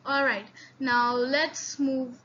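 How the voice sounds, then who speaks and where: A woman teaching an online language lesson, halting with many fillers and repeats, slowly drilling sounds for learners. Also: high voice, steady tone, pushed and bright. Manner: slow drilled repetitions of sounds. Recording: slightly dull lo-fi audio with faint noise.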